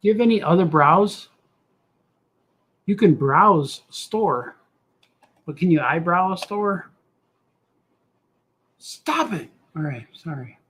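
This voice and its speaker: Rambling husky-voiced cartoonist. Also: male voice, fairly high pitch. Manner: goofy, talks to himself, does silly voices. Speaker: cartoonist host drawing on stream. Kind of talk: rambling casual chat while drawing.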